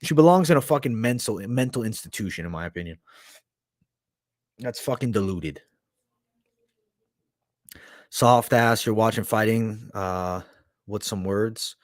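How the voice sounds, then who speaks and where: A man's voice: on the low side, unhurried, long pauses, dry recording, studio quality. A young man hosting a livestream, talking in a crude, rambling, profanity-heavy slang as he reads and answers chat. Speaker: livestream host.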